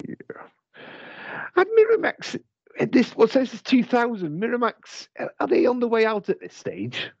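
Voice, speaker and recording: A man's voice: very high-pitched, huge pitch swings, normal speed, vocal fry, a little mellow, husky, no room sound, dull audio. A British man hosting a casual podcast where he watches a movie live, talking in a rambling, playful way with lots of restarts. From United Kingdom. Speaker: podcast host.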